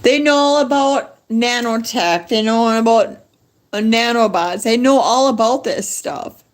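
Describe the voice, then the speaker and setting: High-voiced, slow-talking agitated woman. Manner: rambling, agitated and pleading. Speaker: livestreamer. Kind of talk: emotional livestream monologue.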